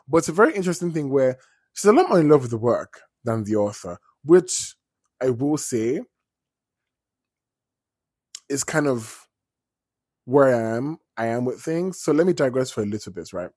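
A man's voice: mid-range voice, sing-song, moderate pace, pauses often, a little mellow, breathy edge, no room sound, clean studio sound. A man talking casually as a vlogger, retelling a story in a chatty, digressive way and swearing freely.

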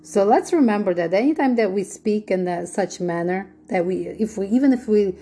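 A woman's voice: medium pitch, normal speed, dark tone, slightly rough. A woman giving a podcast Bible teaching in an earnest way, repeating her points and asking rhetorical questions.

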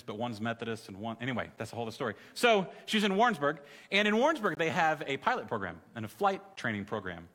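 A man in his forties preaching a sermon in a conversational way, calling out to the congregation and dropping soft in emotional moments. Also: on the high side. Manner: conversational, calls on the audience, drops to soft tones in the emotional story. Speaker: pastor. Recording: long reverb in a large hall.

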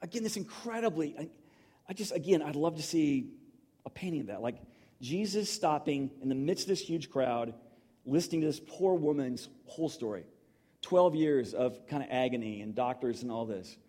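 A man's voice: a little high, animated, normal speed, mellow, breathy edge. A middle-aged man preaching in a conversational, emotional storytelling manner, full of restarts. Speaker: pastor. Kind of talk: sermon.

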